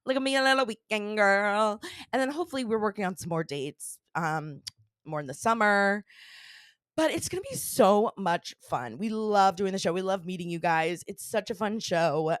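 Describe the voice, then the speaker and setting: A woman's voice: medium pitch, expressive, normal speed, no echo, studio quality. A woman in her thirties hosting a comedy podcast, chatty and rambling, laughing often. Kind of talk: casual podcast chat.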